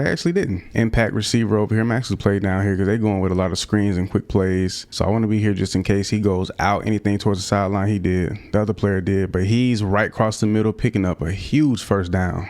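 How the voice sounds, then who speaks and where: A young man with a fairly low voice talks through his football video game in loose, slangy play-by-play. He sounds a little out of breath at times and breaks into loud, high outbursts when a play goes wrong. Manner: casual slang-heavy play-by-play, frequent excited outbursts. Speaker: gaming YouTuber. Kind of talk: live gameplay commentary.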